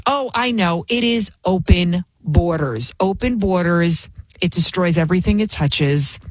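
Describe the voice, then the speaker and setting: A woman's voice: mid-range voice, no room sound. A woman hosting a political talk show, delivering combative, sarcastic commentary with heavy emphasis.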